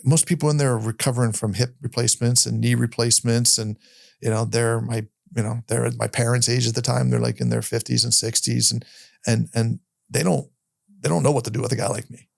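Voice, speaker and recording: A middle-aged man, a podcast guest, telling a personal story in a candid, halting way, often restarting and repeating his words. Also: mid-range voice, fairly even intonation, gravelly, no room sound, clean studio sound. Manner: candid, occasionally swears.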